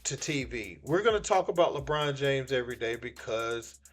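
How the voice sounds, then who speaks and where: A man's voice: mid-range voice, normal speed, faint music behind. Conversational man hosting casual commentary. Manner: conversational, loose, many fillers. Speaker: channel host.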